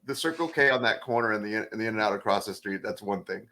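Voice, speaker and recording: This is a middle-aged stand-up on a casual podcast, a relaxed raconteur who performs the voices in his tales. He's low-pitched and speaks fast.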